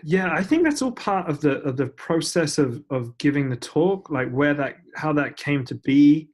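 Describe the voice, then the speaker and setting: A man's voice: on the high side, animated, normal speed, a little mellow. A man with an English accent, chatting as a podcast guest in a self-deprecating way with many fillers. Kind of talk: casual interview chat.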